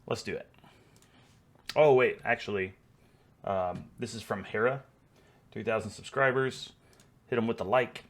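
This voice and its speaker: A man with a Texan drawl hosts a relaxed reaction video, his voice sitting low. He talks in a loose, easygoing way and breaks into laughter often. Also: measured pace, long pauses. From Houston, Texas. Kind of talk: casual reaction commentary.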